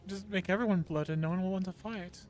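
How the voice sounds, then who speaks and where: A player chatting in character during roleplay, teasing and quick. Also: medium pitch, a little mellow, soft background music.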